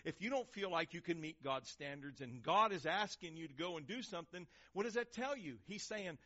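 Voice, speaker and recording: A man preaching a sermon, swinging between loud emphasis and hushed, quiet lines. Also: fairly high pitch, animated, fairly quick, hardly any pauses. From Texas, USA. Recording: dull lo-fi recording.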